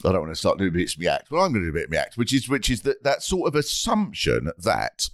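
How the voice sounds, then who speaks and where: A man's voice: on the low side, wildly swooping pitch, quick pace, few pauses, no room sound, studio quality. A middle-aged man from Britain hosting a comedy podcast, rambling and sweary in a chatty way. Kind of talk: casual chat.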